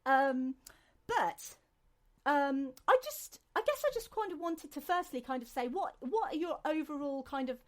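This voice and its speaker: A woman's voice: high-pitched, expressive, a little slow. A British woman hosting a podcast, chatting casually in a rambling way with many fillers and restarts. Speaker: podcast host. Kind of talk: casual chat.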